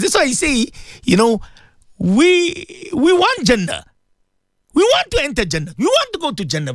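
Emotional radio preacher, lively. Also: male voice, on the high side, no echo, clean studio sound. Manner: emotional, animated, repetitive preaching. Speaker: radio host and religious teacher. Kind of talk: call-in radio talk.

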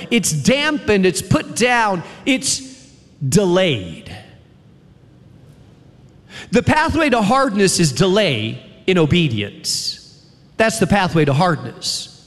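A man delivers a sermon to a chapel audience in a high, animated voice that swings sharply up and down. He hammers his points with repeated refrains and long dramatic pauses, and the large hall adds long reverb.

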